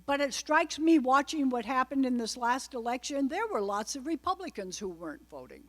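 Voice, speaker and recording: A woman's voice: high voice, animated, moderate pace, a bit bright. A woman giving an informal political talk to a live audience, chatty and wry, full of asides. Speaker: guest speaker at a political club.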